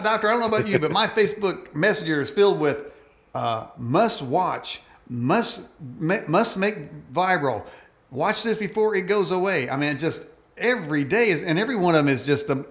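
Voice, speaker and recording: A male talk show host chats with a guest in a homespun, cowboy-flavored way. His voice sits fairly high for a man. He talks easily and plainly, loose and friendly in his phrasing. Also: fairly bright tone. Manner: folksy, self-described cowboy talk. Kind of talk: casual interview chat.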